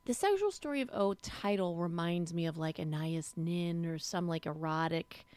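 A woman's voice: on the low side, lively intonation, moderate pace, a little mellow, clear, resonant tone, dry recording. A woman co-hosting a film podcast, talking casually and rambling with plenty of fillers. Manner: chatty, rambling, lots of fillers. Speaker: podcast co-host.

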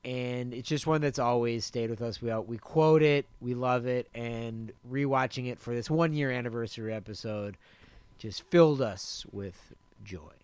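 Smooth-voiced male podcast co-host. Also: medium pitch, normal speed, no echo. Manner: animated, repeats words when excited. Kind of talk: casual film chat.

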